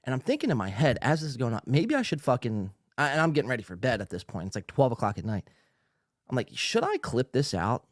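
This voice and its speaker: A man hosts a podcast in a loose, rambling rant, swearing often and tripping over restarts. He sounds a little tipsy, and his middle-pitched voice comes through dry and close, with no room around it. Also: big pitch swings, quick pace, no echo. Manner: rambling, profane, with frequent fillers and restarts. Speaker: podcast host. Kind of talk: ranting casual commentary.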